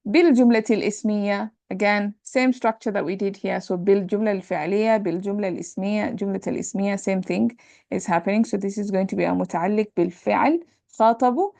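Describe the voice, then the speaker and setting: A woman teacher walks students through Arabic grammar, patient and repetitive, mixing English with Arabic terms. Her voice has a gravelly edge. The sound is dry and close, with no room echo. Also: medium pitch, racing, darkish tone. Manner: explains patiently, repeats terms, checks understanding with "right?". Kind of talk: lecture on Arabic sentence parsing.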